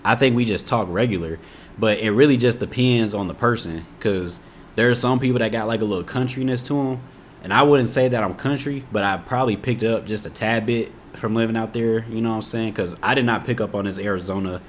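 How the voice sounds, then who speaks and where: A man's voice: on the low side, brisk, a little hiss or hum. A young man from Indiana with an Indiana accent, chatting casually to camera in a laid-back, rambling way. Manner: laid-back, rambling, often says "you know what I'm saying". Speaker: YouTuber reacting to a video. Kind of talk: casual storytelling and chat.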